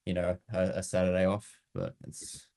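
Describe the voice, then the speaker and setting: A man's voice: low-pitched, normal speed, creaky, mellow, dry recording. A man playing a tired prospect on a sales call, laid-back and blunt, with fillers and swearing. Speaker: roleplay prospect.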